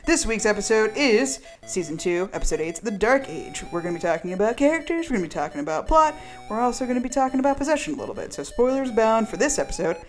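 A woman's voice: on the high side, expressive, quick pace, soft background music. A woman hosting a casual podcast, bubbly and rambling, laughing often. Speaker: podcast host. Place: echoey room.

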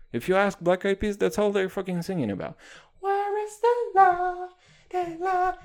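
A young man in his twenties riffs alone on his podcast, loose and profane, tossing "dude" into almost every phrase. His voice swings widely up and down in pitch as he rambles, animated and unguarded. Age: 20s. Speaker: podcast host. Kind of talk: casual podcast monologue.

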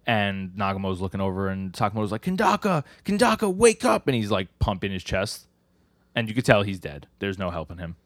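A man's voice: sits low, steady tone, fairly quick, dry recording, studio quality. A man co-hosting a podcast, casually retelling manga chapters and acting out the characters' lines as he goes. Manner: rambling, acts out character lines while retelling. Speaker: podcast co-host.

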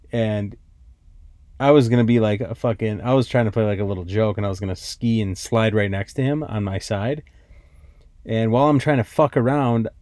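A man's voice: medium pitch, darkish tone, dry recording, studio quality. A man hosting a podcast, telling a rambling, profane story in casual chat, full of filler words. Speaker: podcast host.

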